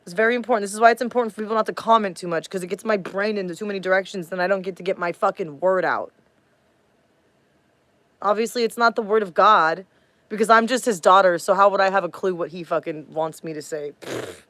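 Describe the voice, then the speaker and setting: A woman's voice: mid-range voice, fast talker, fairly bright tone, dry recording. A woman from the United States ranting on a livestream in a profane, rambling way, losing her train of thought. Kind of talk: casual livestream rant.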